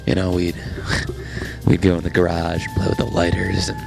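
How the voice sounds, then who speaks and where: A man playing a bitter, resentful ex-friend who talks haltingly with many fillers, with music clearly playing behind. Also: sits low, completely flat delivery.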